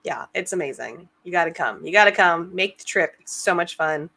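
A woman's voice: fairly low pitch, expressive, fairly quick, vocal fry, bright, forceful tone. A woman co-hosting a sports podcast, chatting in an upbeat way and plugging upcoming events. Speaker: co-host. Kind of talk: casual sports podcast chat.

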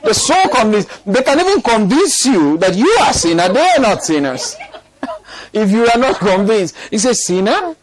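A man's voice: high-pitched, very animated, normal speed. A man preaching a sermon, telling a story and breaking into laughter at it now and then. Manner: storytelling, laughs often at his own story.

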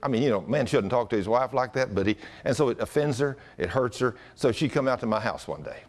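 A pastor telling a story in a sermon, folksy, animated and often chuckling. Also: male voice, mid-range voice, fast.

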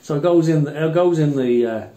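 A man's voice: a little high, normal speed, mellow. An older Englishman telling rambling, blunt, swear-filled army anecdotes in casual chat. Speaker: airgun channel host. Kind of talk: casual storytelling. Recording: roomy echo.

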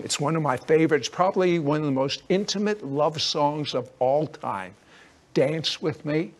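A man's voice: a little high, moderate pace. A man hosting a Christian TV interview, prompting his guest and speaking to viewers. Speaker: TV host.

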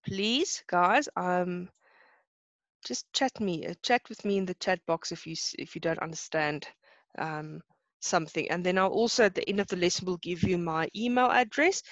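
A woman's voice: on the low side, lively intonation, normal speed, no room sound. South african woman, online teacher, step-by-step explaining, dry slightly dull audio. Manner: explains step by step, checks in with students. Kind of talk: online lesson.

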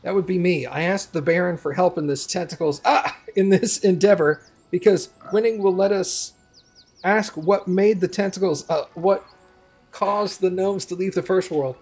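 A learned gnome stuck in a frog's body, read aloud by a man, holding forth with stiff, pompous formality. The voice is husky and fairly high, over faint music. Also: moderate pace, darkish tone. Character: learned gnome turned frog, pompous scholar.

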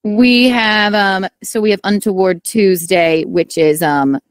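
A woman's voice: mid-range voice, fairly even intonation, takes it slowly, no room sound. A young woman in casual chat, enunciating carefully and talking freely with fillers. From South Carolina, USA. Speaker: streamer, guest.

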